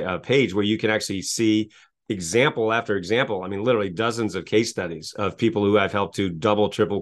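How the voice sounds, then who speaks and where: A man's voice: on the low side, fairly bright tone. A middle-aged man, a business coach, speaking energetically in an interview with a repetitive motivational cadence and frequent rhetorical questions.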